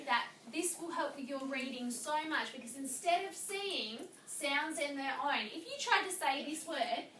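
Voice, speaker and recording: A woman teacher with a high voice takes a class through a reading lesson, her pace slow and deliberate. She stretches words out to clap their syllables. She was recorded from across an echoey classroom, and noise runs underneath. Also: animated, fairly bright tone, far from the mic. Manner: slow, clear, drawn-out words clapped in syllables.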